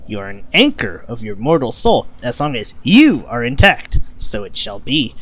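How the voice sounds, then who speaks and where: A man's voice: medium pitch, big pitch swings, normal speed, a bit bright. A man voicing an ancient female hag who speaks in riddles with twisted word order, reading game dialogue aloud. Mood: cryptic. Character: ancient female night hag, cryptic and possessive.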